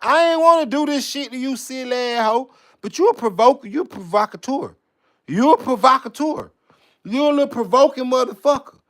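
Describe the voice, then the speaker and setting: A man's voice: very high voice, fairly quick, a bit bright. A man vlogging in a profane, mocking rant to camera, repeating himself and stumbling over words with swagger. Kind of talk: profane ranting monologue to camera.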